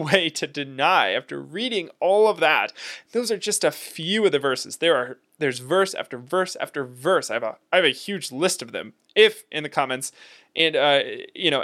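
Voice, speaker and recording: A man with a fairly high-pitched voice co-hosts a casual theological discussion podcast, speaking emphatically and with animation and laughing often.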